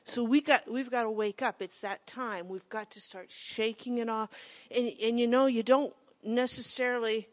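Middle-aged woman pastor, conversational sermon delivery, slightly high voice. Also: steady tone, normal speed. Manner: conversational storytelling preaching.

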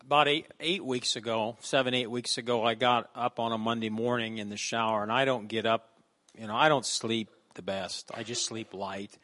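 A man's voice: medium pitch, fairly even intonation, normal speed, pushed and bright. Man sharing a plain sermon story. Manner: plain personal testimony.

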